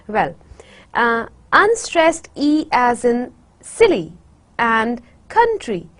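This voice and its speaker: Slow, hesitant woman lecturer. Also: on the high side, sing-song, fairly bright tone. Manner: slow, hesitant, many fillers; demonstrates sounds by repeating words. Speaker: literature lecturer. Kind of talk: university lecture.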